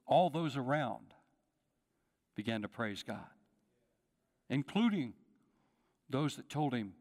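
Preaching man in a reverberant church. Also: medium pitch. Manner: dramatic preaching, acting out voices, calls to the congregation. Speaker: pastor. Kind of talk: sermon. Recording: long hall reverb.

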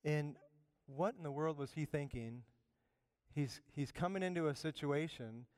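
A man preaching a sermon, animated, swinging from loud emphatic bursts down to quiet asides. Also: on the high side, a little slow, clear, resonant tone, dry recording, studio quality. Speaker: pastor.

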